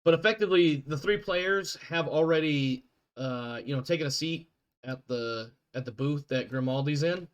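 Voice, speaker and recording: Rambling game master man, slightly high voice. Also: moderate pace, clean tone. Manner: rambling and self-correcting. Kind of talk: running an online tabletop game.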